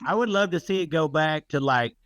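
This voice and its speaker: A man's voice: a little high, expressive, fairly quick, a bit bright, no room sound. A man co-hosting a podcast, talking wistfully and profanely in casual chat. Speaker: podcast co-host.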